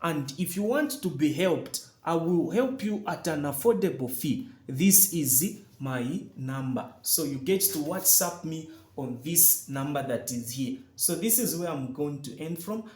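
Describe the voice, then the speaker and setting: A man's voice: on the high side, animated, a little slow, few pauses, a little mellow, roomy sound. A man tutoring chemistry, walking through a worked problem, repeating himself for emphasis and asking viewers if they have seen. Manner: repetitive, emphatic, addresses viewers directly. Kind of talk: chemistry lesson walkthrough.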